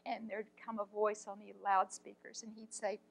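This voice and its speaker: A woman, an art teacher, telling a personal story in an earnest, heartfelt way, often speaking softly. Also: medium pitch, level tone, normal speed, vocal fry, poor audio.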